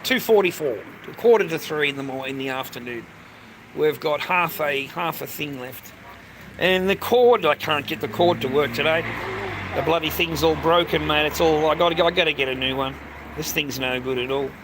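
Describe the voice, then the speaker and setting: With a slightly high, a bit bright voice at a moderate pace, this Australian streamer chats outdoors while traffic roars nearby. His casual talk rambles along, heavy on swearing and on "mate".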